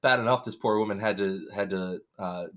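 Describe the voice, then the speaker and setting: A man's voice: fairly low pitch, fairly quick, a bit bright. A man who is a parent, co-hosting a podcast in casual chat, rambling and hedging as he tells a story and laughing often. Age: adult parent.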